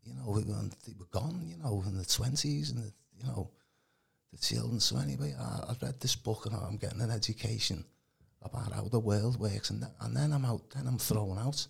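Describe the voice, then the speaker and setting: This podcast guest from Birkenhead, England, talks at a normal pace, giving a casual, rambling testimony with plenty of colloquial fillers. His voice is on the low side, very husky and gravelly.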